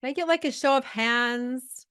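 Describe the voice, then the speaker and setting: A woman's voice: high voice, moderate pace, fairly bright tone, clear, resonant tone. A middle-aged woman leading a live coaching call, chatty and filled with likes and rights as she talks straight to her group. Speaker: business coach.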